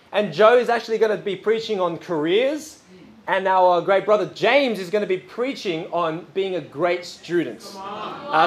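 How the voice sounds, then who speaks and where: A man preaching a sermon in a lively, chatty way, with lots of "you know" and "um" fillers. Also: sits high.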